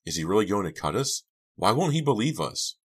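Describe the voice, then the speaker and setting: A man's voice: sits low, animated, brisk. A man voicing a terrified teenage girl who screams and panics. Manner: screaming in terror.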